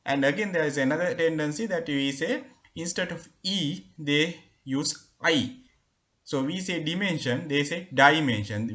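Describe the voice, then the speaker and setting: A man's voice: fairly high pitch, fairly bright tone. A man with a Sri Lankan accent teaching a spoken English lesson, explaining patiently with frequent "uh" fillers. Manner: explanatory, many hesitation fillers.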